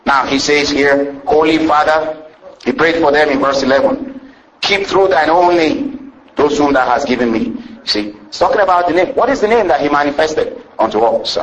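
A man's voice: a little high, low-quality recording. A man preaching a sermon, reading scripture aloud and building phrases with rising and falling emphasis. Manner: rhythmic preaching with swooping rises and drawn-out phrases; reads scripture aloud in old-style wording.

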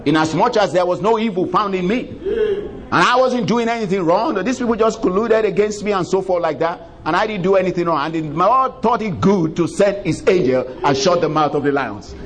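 A male preacher voicing a faithful prophet who calls out loudly and earnestly from below. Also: high voice, lightly acted. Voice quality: loud calling voice. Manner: shouted, drawn-out delivery. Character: faithful young male prophet, calm and reassuring.

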